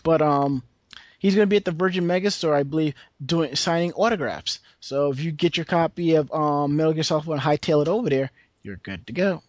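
Easygoing New man, slightly high voice, dry recording, casual co-host chatter. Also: fairly quick, no room sound. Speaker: podcast co-host. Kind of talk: casual chat.

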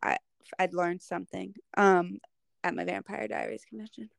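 A woman's voice: fairly low pitch, normal speed, vocal fry, no echo. A woman co-hosting a podcast, telling stories animatedly and saying "like" a lot. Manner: animated storyteller, lots of "like". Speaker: podcast co-host. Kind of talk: casual chat.

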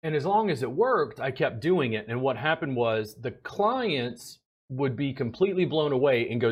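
A man's voice: medium pitch, lively intonation, normal speed, breathy edge. A man from Louisiana with no regional accent, telling stories animatedly in a casual conversation and laughing often.

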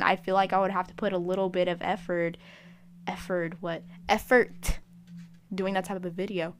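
Woman vlogger, casual and rambling, self-mocking, medium pitch. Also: fairly bright tone, clear, resonant tone. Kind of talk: casual vlog chat.

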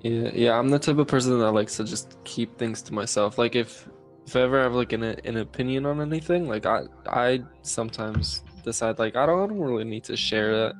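A man's voice: mid-range voice, faint music behind. A young man co-hosting a podcast in casual chat, speaking hesitantly and restarting his phrases. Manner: hesitant, halting, repeats words. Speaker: podcast co-host.

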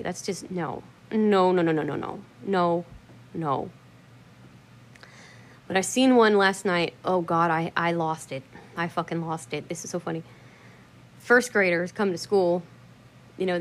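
A woman vlogger chatting in a rambling, casual way, blunt and swearing freely, with hearty laughter. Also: lowish voice.

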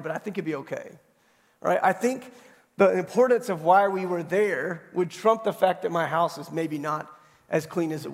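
Man, pastor, hoarse gravelly voice, fairly high pitch, conversational sermon, long church reverb. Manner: conversational storytelling, tag questions like "right?". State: hoarse from allergies. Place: church sanctuary.

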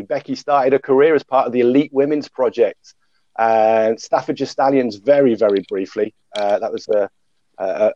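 A man's voice: mid-range voice, a little mellow, no room sound. Casting: male host, chatty panel podcast, dry close lo-fi sound, rambling and self-mocking. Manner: self-deprecating, many fillers and restarts. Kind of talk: casual hosted panel chat.

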